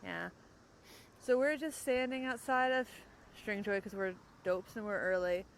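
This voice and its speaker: A young woman hosting a podcast in casual chat, rambling and quick to laugh. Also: mid-range voice, creaky, slight background noise, poor audio. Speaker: podcast host. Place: outdoors, in a parked car.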